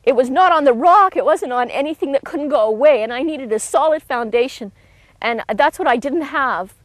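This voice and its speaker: A woman with a high, light voice gives a personal testimony. She speaks earnestly and emotionally and often restarts her sentences. The sound is dry and close, with no room around it. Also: expressive, normal speed, no room sound. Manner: acts out quoted voices with raised pitch.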